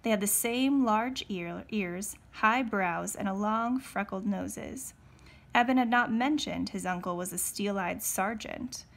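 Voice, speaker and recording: Reading a novel aloud, a female teacher speaks with a gravelly, medium-pitched voice. Her delivery is unhurried and steady, broken only by the odd self-correction.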